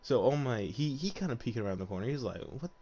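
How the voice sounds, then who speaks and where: A man's voice: medium pitch, expressive, fast talker, dark tone. A young man casually telling an unscripted fan story, rambling with lots of fillers and frequent laughs. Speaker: YouTuber.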